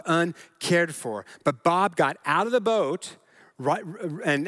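A man's voice: on the high side, fairly bright tone. A male pastor delivering a sermon in an earnest preaching manner that builds to emphatic repetition.

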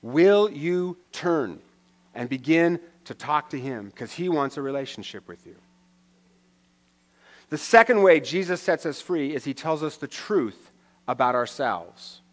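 A man's voice: fairly high pitch, expressive, unhurried. Man preaching with wry humor. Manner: conversational preaching with wry asides. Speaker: pastor. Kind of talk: sermon.

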